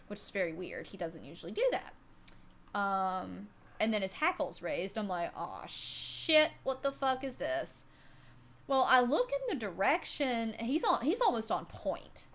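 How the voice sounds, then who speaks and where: Lively-voiced woman streamer telling a story. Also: mid-range voice, a little hiss or hum. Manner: swears freely and laughs often. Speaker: livestreamer. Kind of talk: casual storytelling to chat.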